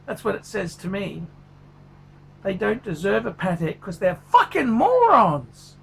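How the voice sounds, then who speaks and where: A man's voice: high-pitched, big pitch swings, unhurried, gravelly, a bit bright, husky, heavily acted. A man voicing a furious, foul-mouthed male watch reviewer who swears constantly in a paid review rant. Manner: swears constantly, ranting, blunt.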